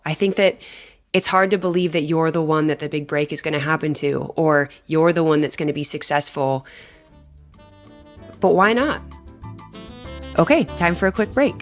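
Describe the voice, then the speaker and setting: A woman's voice: deep voice, moderate pace, faint music behind. A woman hosting a podcast interview, talking casually and reflectively with lots of filler words. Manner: reflective, rambling with frequent "like" fillers. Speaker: podcast host.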